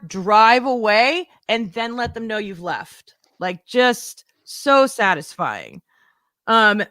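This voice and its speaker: A woman's voice: medium pitch, no echo, clean studio sound. A young woman doing a stand-up set, telling a rambling story and acting out the people she quotes. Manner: rambling, animated, acts out quoted voices. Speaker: stand-up comedian.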